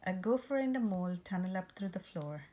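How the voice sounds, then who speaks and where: A woman reading a rhyming picture book aloud, rhythmic and expressive. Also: fairly low pitch, a little fast. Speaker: storyteller.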